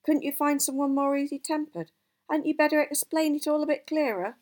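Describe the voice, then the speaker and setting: A woman's voice: sits high, brisk, a little mellow, pitched above the performer's own voice, close to an everyday voice. A woman voicing a group of anxious male dwarves who complain in raised, pleading tones in a storybook reading.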